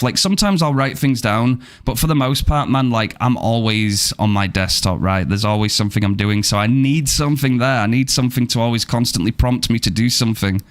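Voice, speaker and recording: Male streamer, casual and upbeat, chats warmly with his viewers, mid-range voice. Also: medium pitch. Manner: upbeat, thanks viewers and reads chat aloud. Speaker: game streamer. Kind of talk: casual live-stream chat.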